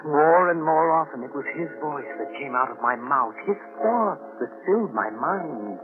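A man's voice: on the high side, expressive, normal speed, close to an everyday voice. An actor playing a frightened young man who narrates in a tense, breathless voice, on an old radio broadcast. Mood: brooding. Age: young adult. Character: frightened young man haunted by his father's murder. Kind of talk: 1940s radio acting. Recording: tinny old radio broadcast with loud music.

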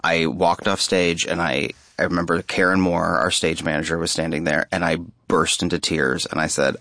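A man, a stage actor as a guest, telling animated anecdotes in a conversational interview with laughs and restarts. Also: deep voice, normal speed, hardly any pauses, dry recording, studio quality.

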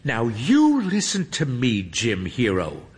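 A man voicing a cheerful young female wizard livestreamer who talks in a bright, sing-song, coaxing way. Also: mid-range voice, wildly swooping pitch, slow pace, long reverb tail, slight background noise.

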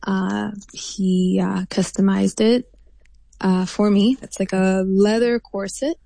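A woman artist answering interview questions in a thoughtful way, pausing often with fillers and restarts. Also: medium pitch, fairly even intonation, creaky, dark tone, dry recording.

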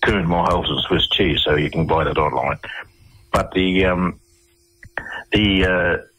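A man's voice: low voice, a little slow, fairly bright tone, slightly rough, rough recording. A middle-aged Australian man, a radio interview guest, telling stories in a rambling way full of restarts and fillers.

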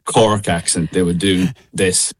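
A man's voice: sits low, steady tone, unhurried, noisy background. A young man with a midlands Irish accent, chatting easily as a radio guest and laughing often. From Ireland. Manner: laid-back, laughs often. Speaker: guest singer. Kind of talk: casual radio interview.

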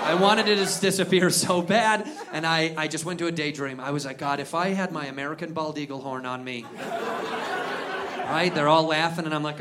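High-voiced man doing live stand-up. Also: fairly quick. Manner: animated storytelling, loud acted-out voices. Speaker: stand-up comedian. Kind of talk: stand-up comedy set. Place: live comedy venue with audience. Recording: live show with crowd noise and laughter.

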